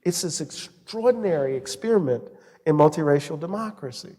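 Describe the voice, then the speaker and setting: A middle-aged man with a slightly raised voice talks with passion, shifting between vivid storytelling and slow reflection. His words ring out with a long hall reverb behind them. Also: fairly high pitch, animated, warm tone. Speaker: guest scholar. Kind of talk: interview conversation.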